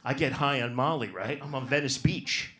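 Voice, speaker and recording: A man's voice: medium pitch, normal speed, fairly bright tone. A man doing a profane, brash stand-up set in a comedy club, working the crowd. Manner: profane, brash, riffs on audience.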